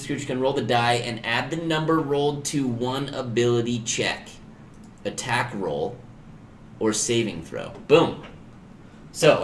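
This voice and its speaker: A man's voice: mid-range voice, a bit bright, roomy sound, slight background noise. A man narrating and explaining rules as dungeon master of a tabletop game. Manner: casual, explains rules at length.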